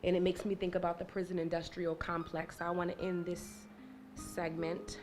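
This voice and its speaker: A young woman from Maryland with an American accent, performing spoken word poetry with rhythmic, emphatic recitation and soft, hesitant spoken introductions at an indoor live event. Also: on the low side, flat delivery, normal speed, over music. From Maryland, USA. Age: young adult. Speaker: poet.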